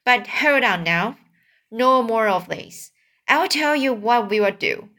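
A woman's voice: on the high side, animated, slow pace, pushed and bright, full character voice. A woman voicing a grown man, a proud and fussy boat owner who grumbles and then turns hearty, in a storybook reading. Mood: grumbling.

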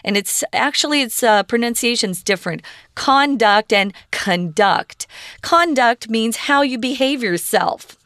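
A woman's voice: a little high, animated, normal speed, hardly any pauses, a bit bright, no room sound, studio quality. A woman who explains English words and grammar patiently, with the odd filler. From United States. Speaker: English teacher.

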